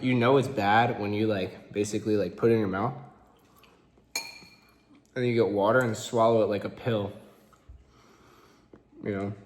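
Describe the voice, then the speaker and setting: A young man in his twenties rambles through a casual vlog, full of fillers and loose asides. His voice sits a little low and relaxed. A roomy echo hangs around every line. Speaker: vlogger.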